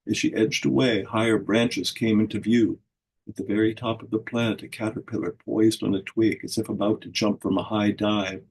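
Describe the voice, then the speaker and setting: Gravelly low-voiced man reading a story. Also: normal speed, a little hiss or hum, low-quality recording. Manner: expressive, voices the characters. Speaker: reader at a book launch.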